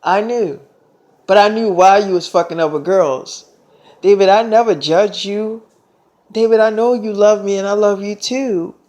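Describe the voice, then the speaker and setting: A man voicing his affectionate young fiancée in a story, in a soft, lowered tone. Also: a little slow. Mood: tender.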